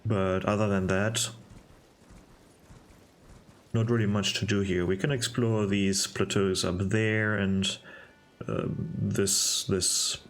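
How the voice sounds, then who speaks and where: A young man talks over his gameplay in a low, deep voice. He takes his time, wandering through his thoughts in a relaxed, musing way. He pauses and restarts his sentences as he goes. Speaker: game video narrator. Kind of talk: casual gameplay commentary.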